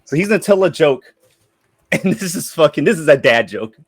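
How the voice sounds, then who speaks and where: A man's voice: a little high, expressive, no room sound, clean studio sound. A man co-hosting a podcast, telling stories in casual chat, often laughing and restarting his sentences as he talks. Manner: laughing storyteller, quick restarts. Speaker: podcast co-host presenting a segment.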